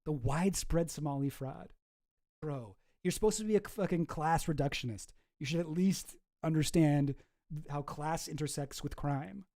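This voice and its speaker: A man's voice: on the high side, normal speed, warm tone. Profane, ranting man. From Canada. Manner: profane, ranting, with frequent restarts. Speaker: commentary host. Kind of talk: casual reaction commentary.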